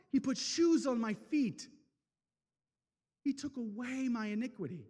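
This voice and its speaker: A man preaching an impassioned sermon, swinging from loud declarations to hushed, slow passages. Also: very high voice, long reverb tail. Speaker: speaker at a men's event.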